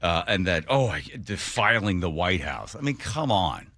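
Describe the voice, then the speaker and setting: A man hosting a talk radio show in a studio, chatting casually and telling stories, acting out quotes in a high voice and laughing often. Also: moderate pace, no room sound. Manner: animated storyteller, acts out quotes in a high voice, laughs a lot. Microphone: studio microphone.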